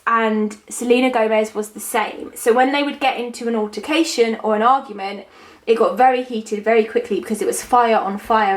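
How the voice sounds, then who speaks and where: A young woman doing a casual tarot reading to camera, chatty and rambling with frequent ums. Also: a little high. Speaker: psychic tarot reader.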